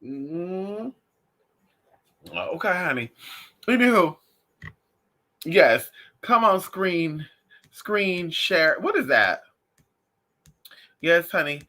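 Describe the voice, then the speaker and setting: A woman talking casually to her viewers in a lively, sassy way, often calling them honey and y'all. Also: lowish voice. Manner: animated, sassy, calls listeners honey and y'all. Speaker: spiritual class teacher, vlogger.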